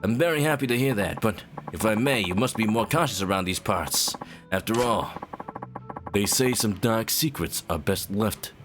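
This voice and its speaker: A man voicing a calm, mysterious male crime boss who speaks in a slow, formal, commanding way. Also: on the low side, background noise, close to an everyday voice. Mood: polite.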